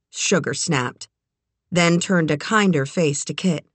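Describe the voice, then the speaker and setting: A woman narrating a novel in a measured, expressive way. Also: deep voice, no echo. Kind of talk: audiobook narration.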